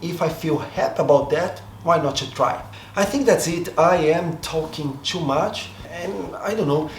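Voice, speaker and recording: A man's voice: a little high, measured pace. A man from Brazil with a Brazilian accent, a Portuguese native speaker, talking to his camera in a reflective, hesitant way, often stopping to restart and rethink his words. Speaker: vlogger. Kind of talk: casual monologue to camera. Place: seated in front of a camera. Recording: echoey room, faint background noise.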